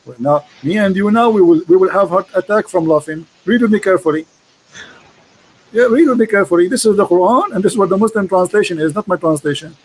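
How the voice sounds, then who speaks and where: In a casual debate chat over a video call, a male host with an Arabic accent speaks in a high-pitched, slightly breathy voice. His tone is forceful as he fires off quick, mocking bursts, often repeating his words, on a low-quality recording.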